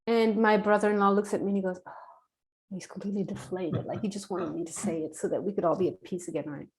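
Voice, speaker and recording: A woman telling a personal story as a podcast guest, earnest, acting out dialogue in a hushed voice. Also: mid-range voice, fairly even intonation, quick pace.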